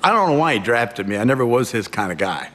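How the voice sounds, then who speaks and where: A man in his seventies from the American South with a Southern accent, telling stories in a folksy, animated way in a documentary interview. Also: medium pitch, quick pace. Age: 70s. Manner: animated, folksy storytelling with big swings in voice. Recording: music bed underneath.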